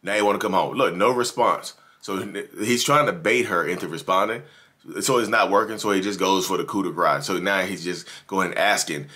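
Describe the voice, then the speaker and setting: A man with a fairly low but bright, forceful voice talks straight to his viewers in casual commentary. He is animated and emphatic and often repeats words for weight. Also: fairly quick. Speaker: YouTube commentator.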